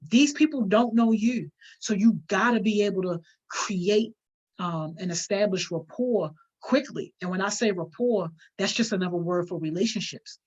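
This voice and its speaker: A woman's voice: mid-range voice, normal speed, darkish tone. A woman teaching public speaking in a live online workshop, talking in an emphatic, conversational way with everyday slang. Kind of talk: live-streamed workshop, reading viewer comments. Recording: dull lo-fi stream audio.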